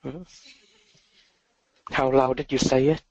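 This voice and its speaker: Soft-spoken slow meditation teacher, man. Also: medium pitch, flat delivery, lo-fi sound, noisy background. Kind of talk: dharma talk.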